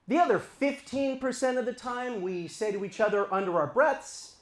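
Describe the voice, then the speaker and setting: A man's voice: very high-pitched, normal speed, echoey room. A man in his forties from eastern Los Angeles County doing a stand-up comedy set on a club stage, talking to the crowd in a conversational, self-deprecating way. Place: comedy stage before a live audience.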